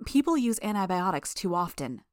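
A woman's voice: fairly low pitch, very animated, moderate pace, no echo, clean studio sound. A woman voicing a stern, disapproving clinic doctor in her fifties, speaking curtly in an audiobook reading. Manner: curt, disapproving.

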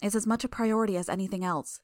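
A woman's voice: medium pitch, fairly even intonation, fast talker, darkish tone, no room sound, clean studio sound, pitched above the performer's own voice, natural voice. A woman voicing a tense, desperate young female healer in a fan audiobook, speaking in clipped, strained bursts.

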